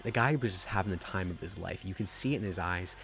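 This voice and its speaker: Low-voiced profane excited man. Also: fast talker. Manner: profane, rambling, gushing. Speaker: wrestling reviewer. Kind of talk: excited casual review.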